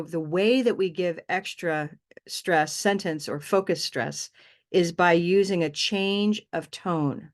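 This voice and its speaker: A woman teaching a pronunciation class online, her voice sitting a little low. She explains patiently and step by step, modeling how the phrases sound.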